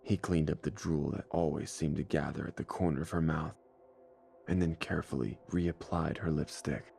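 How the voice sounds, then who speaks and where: A man narrating a scripted horror story in a measured, deliberate way, with music playing behind him. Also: a bass voice, steady tone, vocal fry, darkish tone. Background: faint music score.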